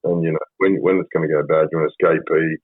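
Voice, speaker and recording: An Australian man in his fifties, deep and husky, tells his story as a podcast guest in a casual interview, rambling, swearing and saying um a lot. He talks quickly with little pitch movement, and the sound is dry, close, echo-free and narrow like a phone.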